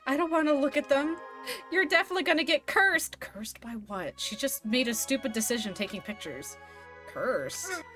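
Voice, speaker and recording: A woman streaming a game live, reading the dialogue aloud in playful voices and chatting between lines. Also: high-pitched. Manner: animated, reads characters' lines with playful voices and laughs.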